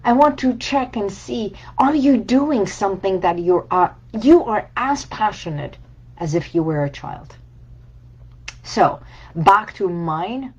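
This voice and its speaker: A woman's voice: medium pitch, animated, slow pace, husky, muffled recording. A woman coach giving a reflective, emotional personal talk about letting go, speaking in short repeated phrases. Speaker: healing coach.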